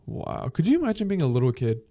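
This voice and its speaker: A young man from Georgia hosting a podcast, telling travel stories in a casual, profane, animated way and acting out the people he quotes. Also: fairly high pitch, quick pace. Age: young adult. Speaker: podcast host. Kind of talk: casual storytelling monologue.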